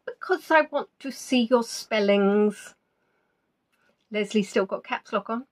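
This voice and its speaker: A woman hosting a live online quiz, chatting with players and teasing them as she reads out their answers. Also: takes it slowly. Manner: teasing, chatty, reads out names and answers with big pitch swings.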